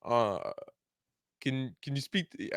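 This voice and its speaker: A man with a smooth, clear voice asks questions in a casual interview. The sound is dry and close. He keeps his lines short and matter-of-fact. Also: medium pitch, expressive, slow, fairly bright tone, no echo. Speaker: podcast host, interviewer.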